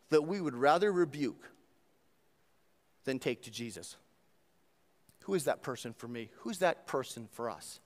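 This is a sermon from a pastor whose high male voice sounds animated against long church reverb. Standing in the sanctuary, he asks his congregation one rhetorical question after another.

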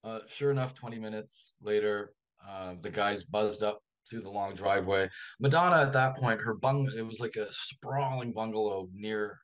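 A male author, a guest on a radio interview, telling a long anecdote in a lively raconteur's manner. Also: fairly low pitch, moderate pace. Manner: lively raconteur, acts out quoted voices.

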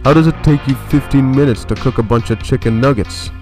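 A man's voice: mid-range voice, brisk, darkish tone, faint music behind, voice pushed up, lightly acted. A man voicing an arrogant, spoiled rich young man who is rude and impatient, speaking in a sneering, demanding way. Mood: indignant.

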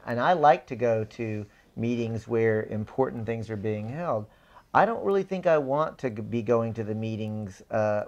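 A man's voice: fairly low pitch, darkish tone, dull audio. Impassioned man speaking emphatically. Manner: emphatic, builds with repeated phrases. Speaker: political activist guest. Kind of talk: impassioned conversational speech.

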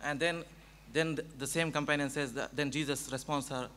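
A man questions a debater from the floor, halting in his phrasing and pressing for a yes-or-no answer. His voice is a bit high, with a sharp, bright edge. A faint hum sits under the recording. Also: fairly even intonation. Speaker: audience questioner.

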